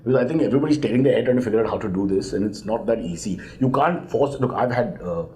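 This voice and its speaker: Middle-aged man, rapid talk, mellow dark tone, deadpan comic asides. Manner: deadpan comic asides, jumps to high mock voices. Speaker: guest comedian. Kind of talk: comic chat answering parenting questions.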